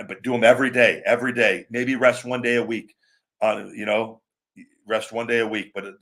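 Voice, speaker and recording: A man's voice: lowish voice, fairly bright tone. A man hosting a live show, talking casually in a rambling way with many restarts and asides to viewers. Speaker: show host. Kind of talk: casual live-stream chat.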